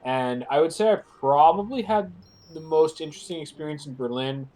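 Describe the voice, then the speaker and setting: A man's voice: fairly high pitch, fairly quick, a little mellow. A man with a stuffed-up nose chatting casually as a guest on a game stream, rambling and joking with lots of fillers. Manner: rambling, filler-heavy, jokey.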